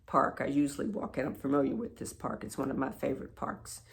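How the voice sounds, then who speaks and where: A woman who teaches spirituality, telling a personal story in a halting way, repeating words and sometimes dropping to a soft whisper. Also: a bass voice, animated, gravelly.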